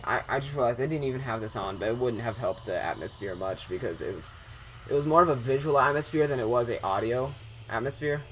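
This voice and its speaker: A man's voice: medium pitch, a bit bright, a little hiss or hum. A young man commentating a horror game he is playing, rambling with lots of fillers and restarts, easily startled. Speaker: gameplay commentator.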